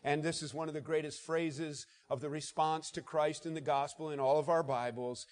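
A man with a fairly high, steady voice preaches a sermon, reading scripture aloud with rising intensity and slowing down for emphasis. He breaks off now and then for conversational asides to the congregation.

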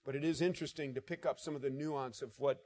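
A man's voice: medium pitch, fairly even intonation, a little mellow. A man preaching a sermon, reading scripture aloud with swelling intensity and breaking into conversational asides to the congregation. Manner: reads scripture aloud with rising intensity, slowing for emphasis.

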